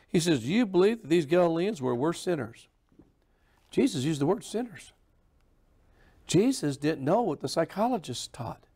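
Emphatic preacher, higher-pitched man. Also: darkish tone. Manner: sarcastic, emphatic preaching with mock voices. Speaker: pastor. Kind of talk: sermon. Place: church.

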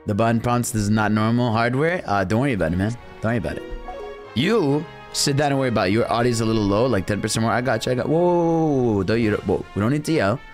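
Excitable young man streaming a game. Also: medium pitch, fast talker, faint music behind. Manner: excitable, slangy, talks to chat. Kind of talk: casual live gaming commentary.

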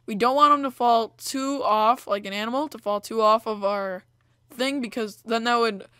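Young female let's-play host, rambling casual commentary, slightly high voice, dry close sound. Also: normal speed, fairly bright tone, clean tone, no echo. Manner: chatty, rambling, many fillers like "like" and "you know". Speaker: gaming video host.

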